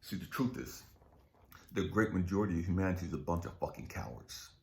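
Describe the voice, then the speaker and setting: A man giving a raw, profane spiritual testimony as a coach, swinging between shouting and whispering. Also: low-pitched, animated, fairly quick, vocal fry. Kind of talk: emotional personal testimony.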